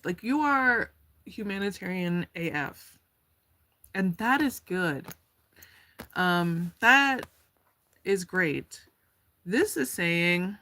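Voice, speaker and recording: Her pitch is fairly low and her tone is sharp. Reading tarot in a relaxed way, she chats, uses slang, laughs readily, and keeps drifting into side stories.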